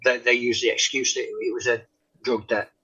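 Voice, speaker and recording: A man, a guest telling his faith testimony in an interview, halting with many pauses and "um"s and often dropping to a soft tone. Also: mid-range voice, little pitch movement, slightly rough. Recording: dull lo-fi sound.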